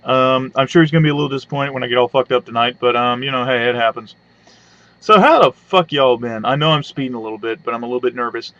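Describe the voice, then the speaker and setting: A man rants crudely and sarcastically into his webcam, rambling between hums and side remarks. The audio is dry and a little dull, like a cheap built-in mic. His voice sits at an ordinary pitch for a man. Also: fast, bright, forceful tone, no room sound. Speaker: webcam vlogger. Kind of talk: profane comedic rant.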